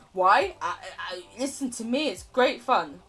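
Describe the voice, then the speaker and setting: Woman game streamer, casual rambling chatter, self-deprecating and quick to laugh, very lively intonation, soft music underneath. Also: on the high side. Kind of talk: casual live-stream chatter while playing.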